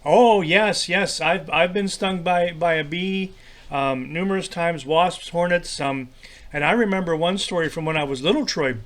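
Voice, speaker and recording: A man teaching a children's devotional lesson in a friendly, halting way, full of fillers and repeated words. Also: on the high side, fairly bright tone.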